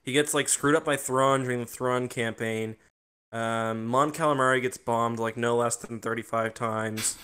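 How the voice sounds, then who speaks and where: A man's voice: mid-range voice, steady tone, moderate pace, bright, forceful tone, clean tone. A young man hosting a casual podcast chat, joking loosely and laughing often. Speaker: podcast host.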